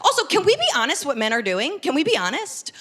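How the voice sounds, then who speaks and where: An American woman in her thirties performs a stand-up comedy set, telling a story fast and animated in a high voice, with loud, shouted punchlines.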